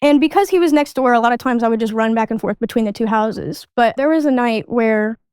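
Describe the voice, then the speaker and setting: A woman's voice: fairly high pitch, fairly quick, darkish tone, smooth, no room sound, studio quality. A woman guest recounting her childhood in casual conversational speech, with lots of "like" fillers. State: adult. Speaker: podcast guest. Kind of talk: personal storytelling.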